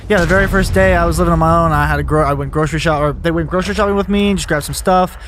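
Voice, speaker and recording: Brief: young man, quick storyteller, slightly high voice, casual and profane. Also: fairly bright tone, slight background noise. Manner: storytelling, swears freely. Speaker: guest telling his story. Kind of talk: casual podcast chat.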